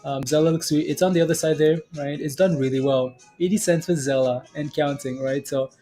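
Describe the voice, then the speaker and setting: A man's voice: on the high side, steady tone, brisk, dark tone, faint music behind. A man hosting a casual stock market livestream, laid-back and laughing often, checking himself with "right?". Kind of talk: casual live market chat.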